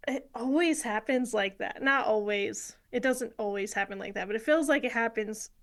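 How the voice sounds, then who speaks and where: Female podcast host, slightly high voice, laughs and reacts, casual interview. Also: moderate pace, a bit bright. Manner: reactive, laughs often, asks follow-up questions.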